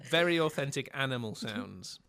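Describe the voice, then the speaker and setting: A man's voice: mid-range voice, expressive, moderate pace, gravelly, very noisy. Jokey man hosting a chat. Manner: jokey, teasing, laughs a lot. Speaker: podcast host. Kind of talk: casual chat.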